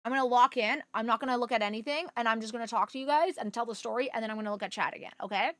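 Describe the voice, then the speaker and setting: Young woman streamer, chatty and loose, many fillers; bright voice, dry sound. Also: on the high side, racing, no room sound. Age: young adult. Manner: chatty, talks to viewers by name, many fillers. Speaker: livestream host. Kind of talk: casual chat with live chat.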